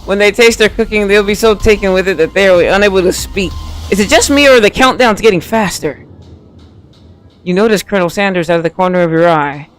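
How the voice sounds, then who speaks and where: A man's voice: high-pitched, brisk, faint music behind. A man casually commenting on a game playthrough, reading the on-screen text aloud and cracking playful jokes. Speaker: game streamer.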